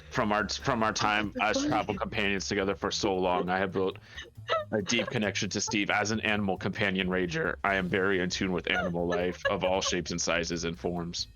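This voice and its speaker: A man's voice: low voice, flat delivery, moderate pace, sharp tone, soft background music. A man playing a tabletop game, spelling out his actions step by step with a dry, joking streak. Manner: earnest step-by-step, dryly joking. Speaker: player.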